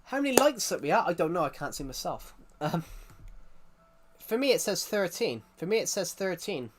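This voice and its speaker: A man's voice: high-pitched, sing-song, normal speed, a little hiss or hum. A man who grew up in the United Kingdom chatting casually on a live stream, rambling and laughing with frequent restarts.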